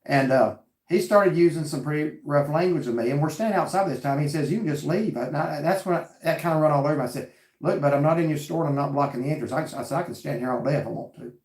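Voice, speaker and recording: A man's voice: fairly high pitch, fast, darkish tone, reverberant. A man hosting a casual chat and telling a story earnestly with quoted back-and-forth dialogue. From North Carolina. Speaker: vlog host reading live chat.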